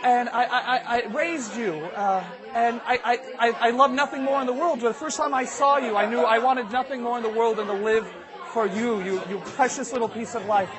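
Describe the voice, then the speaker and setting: A man's voice: extremely high pitch, animated, moderate pace, pitched above the performer's own voice. A man voicing a hysterical, overwrought mother in a comic story, with a crowd behind him. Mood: pleading. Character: hysterical sobbing mother, woman, shrieking.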